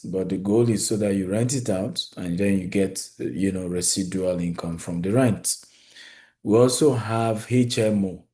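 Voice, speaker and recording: Low, mellow-voiced man presenting. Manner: conversational, repeats key points, addresses viewers directly. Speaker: real estate webinar host. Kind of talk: live webinar presentation.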